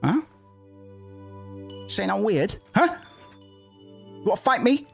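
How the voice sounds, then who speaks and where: A gruff, emotionally stunted young soldier, as a streamer voices him. He talks bluntly and defensively, with lively swings in pitch. Game music plays faintly behind. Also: slow pace, full character voice.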